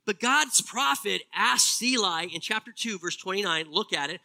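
Bright, high-voiced male pastor preaching. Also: lively intonation, creaky, low-quality recording. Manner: preaching earnestly with emphatic slowed phrases. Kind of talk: sermon.

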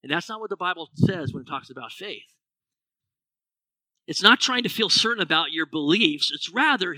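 Male pastor, middle-aged, high voice, dry close sound, animated sermon delivery with rhetorical questions. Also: normal speed, pauses often, dry recording, rough recording.

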